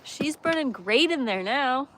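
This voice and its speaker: A woman hosting a casual livestream from her camper van, chatty and quick to laugh as she talks with viewers. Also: high-pitched, expressive, very noisy. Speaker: livestream host. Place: camper van by a wood stove.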